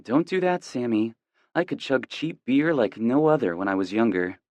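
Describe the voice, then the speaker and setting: A man's voice: mid-range voice, animated, moderate pace, darkish tone, no room sound, pitched above the performer's own voice, close to an everyday voice. A man reading an audiobook, voicing a drowsy, playful young woman who teases her partner. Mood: sleepy, teasing. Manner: drowsy, teasing.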